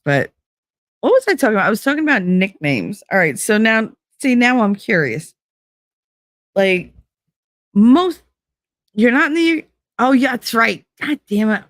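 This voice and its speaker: A woman's voice: on the high side, very animated, normal speed, long pauses, no echo. Tired bubbly woman streamer chatting w her chat, sassy and laughing, dry close mic. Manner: bubbly, teasing and laughing often. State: tired from little sleep. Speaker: livestream host reading chat. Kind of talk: casual chat.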